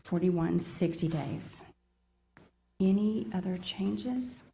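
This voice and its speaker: Woman, council meeting chair, mellow low voice, reading number lists, apologetic. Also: takes it slowly, creaky, a little hiss or hum. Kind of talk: reading agenda items at a public meeting.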